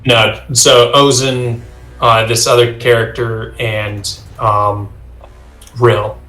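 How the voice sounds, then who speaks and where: A man narrating a tabletop game as game master over a video call, pausing often with fillers. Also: mid-range voice, little pitch movement, bright, forceful tone. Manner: halting, many uh fillers. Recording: roomy sound with faint music.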